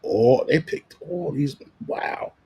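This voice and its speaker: A man ranting casually about football, profane and animated, often repeating himself. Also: mid-range voice, takes it slowly, creaky, husky, lo-fi sound. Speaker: sports commentator vlogger.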